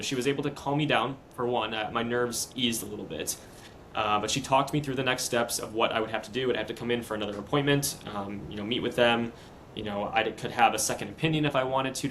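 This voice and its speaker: A man's voice: medium pitch, fairly bright tone, slight background noise, low-quality recording. Earnest young man telling his story. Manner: earnest, halting, retelling step by step. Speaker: podcast guest. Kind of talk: casual interview storytelling.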